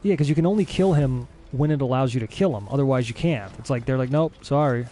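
A young man giving casual let's-play commentary as a gaming streamer, excitable and easily frustrated. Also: mid-range voice, fast, slight background noise. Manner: excitable, frustrated, swears mildly.

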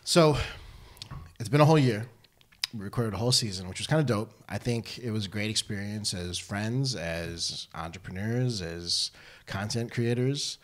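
A man's voice: on the low side, moderate pace. A middle-aged man co-hosting a podcast, chatting casually and joking with his best friend. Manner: playful, joking banter. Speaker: podcast co-host. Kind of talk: casual chat between friends.

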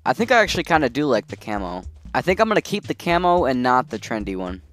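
A man hosting a gaming video, casually thinking out loud as he plays. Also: medium pitch, fast, faint music behind. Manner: relaxed and chatty, thinking out loud. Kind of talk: casual gameplay commentary.

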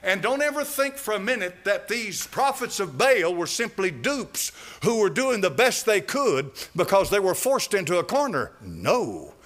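Animated, bright-voiced preacher man. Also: measured pace, few pauses. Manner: fiery preaching, swings from loud cries to low asides; chuckles and mocking asides. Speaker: pastor. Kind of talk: sermon.

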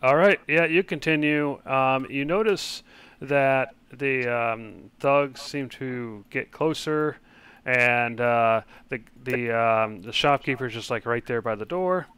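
Guy GM narrating the game, smooth clear voice, lots of ums, online chat. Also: medium pitch, slow, a bit bright. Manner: hesitant, many fillers. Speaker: game master.

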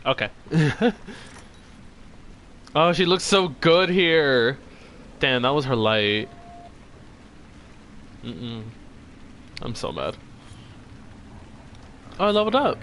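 A man casually commenting on his video game playthrough, loud and jokey. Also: on the high side, very animated, slow pace, pauses often, a little hiss or hum. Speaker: gameplay commentator. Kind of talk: let's-play commentary. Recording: game music loud behind. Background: loud game music.

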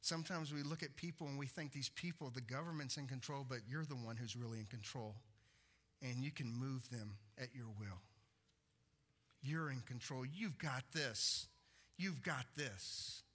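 Speaking at a normal speed in a medium pitch, this man preaches as a pastor, telling stories conversationally. He keeps breaking off and starting his sentences over.

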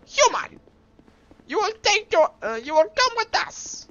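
A man voicing a boastful male skeleton with a screechy, high-pitched voice and theatrical proclamations. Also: big pitch swings, a little slow, fairly bright tone, lo-fi sound, a little hiss or hum, heavily acted.

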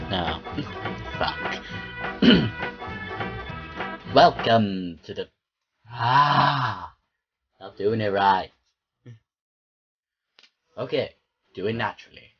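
A man's voice: fairly low pitch, lively intonation, extremely slow, long pauses, highs cut off, over music. A man recording voice lines at home, flubbing takes, swearing and laughing, his accent drifting between British and American. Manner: swears often and breaks into laughs. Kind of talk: blooper reel of a home voice recording session. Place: a house with his dog.

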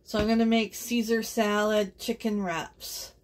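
Talking directly to her audience, a woman hosts a casual home vlog at a family cottage. She speaks a little slowly at a medium pitch with little movement in tone, and the home recording is noisy.

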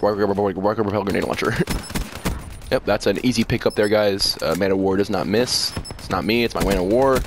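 Excitable teen boy gaming commentary. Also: on the low side, slight background noise. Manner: excitable, laughing and yelling at the game. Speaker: gaming YouTuber. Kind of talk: live gameplay commentary.

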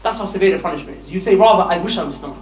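A man's voice: high voice, very fast. Emphatic male preacher in an echoey hall. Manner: emphatic, animated, often laughing mid-sentence. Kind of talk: lively evening sermon to young men. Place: mosque hall. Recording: echoey hall, distant mic, faint hiss.

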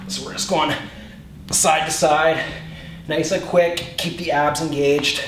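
A man's voice: medium pitch, roomy sound, slight background noise. A male fitness instructor coaching a home workout, counting reps aloud and calling out short commands.

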